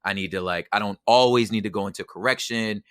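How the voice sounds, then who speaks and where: A man's voice: fairly low pitch, fast talker, a bit bright, clear, resonant tone, dry recording, studio quality. A man talking as a podcast guest in casual conversation, emphatic and slangy, often adding "you know what I'm saying".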